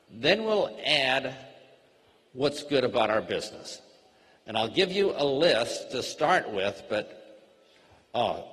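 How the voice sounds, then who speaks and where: Man teaching slowly in a reverberant hall. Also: medium pitch, fairly bright tone. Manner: slow, plainly worded, acts out sample dialogue. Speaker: network marketing trainer. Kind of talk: slow, simple teaching talk.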